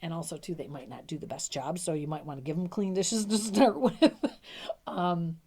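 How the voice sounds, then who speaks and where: Low-voiced chatty woman coaching caregivers. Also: moderate pace, mellow, breathy edge. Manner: chatty, emphatic, acts out little quoted lines. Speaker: dementia care coach. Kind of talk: casual teaching to camera.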